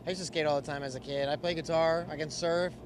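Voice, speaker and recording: A man's voice: a little high, fairly even intonation, quick pace. A man from California, a race car driver, answering interview questions in an easygoing, rambling way. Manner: easygoing, rambling, many fillers. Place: outdoor race garage. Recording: noisy outdoor garage recording.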